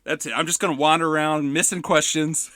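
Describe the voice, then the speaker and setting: A man's voice: fairly high pitch, steady tone, brisk, bright, forceful tone, dry recording. A man co-hosting a movie podcast in casual chat, playful and jokey. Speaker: podcast co-host.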